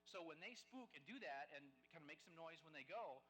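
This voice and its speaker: A man giving a live storytelling speech as guest speaker at a game dinner, animated and conversational, acting out the lines of the people in his stories. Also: fairly high pitch, fairly quick, slight background noise, poor audio.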